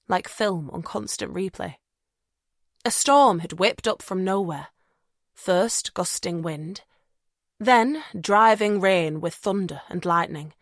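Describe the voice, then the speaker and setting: A woman narrating an audiobook thriller in a measured, suspenseful way. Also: on the low side, no room sound, clean studio sound.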